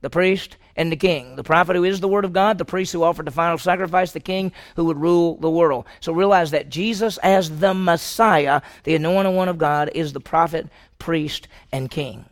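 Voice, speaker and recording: A man preaching a sermon, asking the congregation questions and acting out the voices of the people in the story. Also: sits high. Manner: asks the congregation questions, acts out quoted voices. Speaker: pastor.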